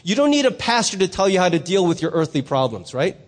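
A man's voice: sits high, big pitch swings, fast. A man preaching a sermon as pastor, conversational, with rhetorical questions. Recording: long reverb in a hall.

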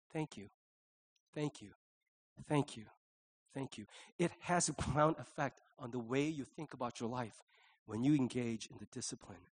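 A man's voice: on the high side, slightly rough. A middle-aged man preaching a conversational sermon, telling stories with animation and acting out the dialogue. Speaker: pastor.

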